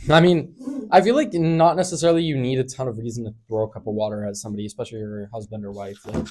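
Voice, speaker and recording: A man's voice: mid-range voice, steady tone, quick pace, noisy background. A young man co-hosting a podcast, chatting casually in a rambling way full of fillers. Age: young adult. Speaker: podcast co-host. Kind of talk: casual chat.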